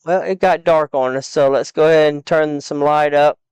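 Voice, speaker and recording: A man casually walking through a game build, rambling and halting with fillers. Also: a little high, fairly even intonation, a little mellow, clean tone, dry recording. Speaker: game streamer.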